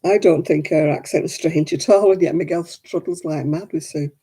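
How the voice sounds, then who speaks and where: A woman from Oldham with a softened northern English accent, chatting casually on her crafting video and laughing often. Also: low-pitched, normal speed, breathy edge. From Oldham, England. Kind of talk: casual chat.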